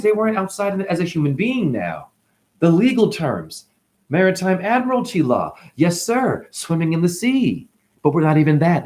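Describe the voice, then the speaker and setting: A man talking straight to camera in a rambling, animated monologue, swearing and swinging between loud outbursts and muttered asides. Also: fairly high pitch. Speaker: vlogger.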